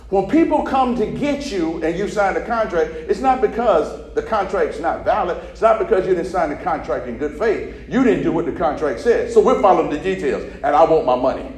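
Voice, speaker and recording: A man with a high voice preaches a call-and-response sermon in a church hall, and the room rings with echo. He keeps telling listeners what to say and asks whether they follow, moving between hushed asides and shouted peaks. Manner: leads the crowd with repeated "say" prompts and "you follow me?" checks; swings from low murmurs to loud, shouted preaching. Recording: echoey hall.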